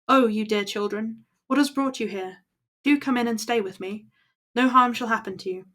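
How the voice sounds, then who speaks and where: A woman reading aloud and voicing a wicked, child-eating old witch who talks slowly and scolds. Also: a little high, a bit bright, close to an everyday voice. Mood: coaxing.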